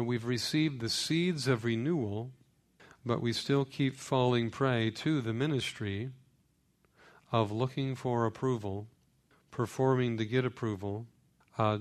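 Male preacher, radio sermon, slow emphatic delivery, mid-pitched voice.

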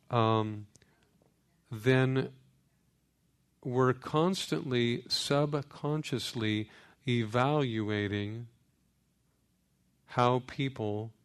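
A man preaching a sermon on a radio program, slow and emphatic with many pauses. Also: mid-range voice.

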